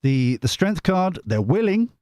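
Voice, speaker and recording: A man's voice: high voice, big pitch swings, measured pace, dark tone, no room sound, studio quality. A man giving a tarot reading on a live stream, chatty and rambling, often mocking himself. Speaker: tarot reader.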